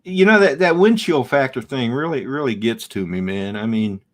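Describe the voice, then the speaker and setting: A middle-aged man hosts a casual livestream from home, speaking in an animated, medium-pitched voice. Slow and rambling, he chats in front of his camera, reading out viewer comments and answering them.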